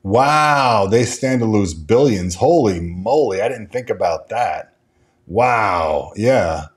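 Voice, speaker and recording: A man's voice: fairly low pitch, animated, takes it slowly. Rambling man hosting a stock livestream. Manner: rambling, with frequent restarts and fillers; reads out and answers viewer chat. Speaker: stock market show host. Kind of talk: casual livestream commentary.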